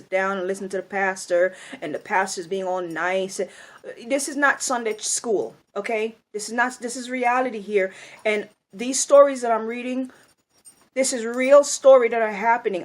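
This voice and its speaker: A woman speaking in a blunt, scolding monologue, angry and firing off rhetorical questions. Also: fairly high pitch. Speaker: video commentator.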